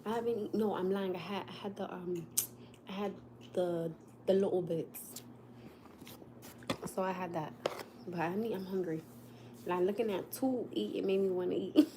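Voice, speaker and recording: A woman's voice: fairly low pitch, fairly even intonation, moderate pace, pauses often, noisy background. An American woman hosting a casual livestream from home, chatting and laughing with her viewers. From United States. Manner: chatty, laughs often, talks straight to viewers. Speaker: livestream host. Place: at home, snowed in.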